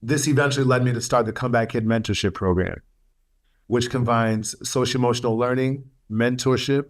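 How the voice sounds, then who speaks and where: A man sharing his life story as a webinar speaker, earnest and emotional, with halting pauses and fillers. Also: medium pitch. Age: adult, studying for a master's. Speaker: webinar speaker, youth mentor.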